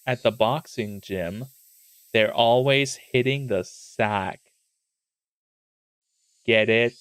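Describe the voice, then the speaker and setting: Lazy teenage schoolgirl, lethargic deadpan jokes, read by a man streamer. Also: takes it slowly, smooth, no room sound. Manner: lethargic, low-key. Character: lazy teenage girl class rep, joking.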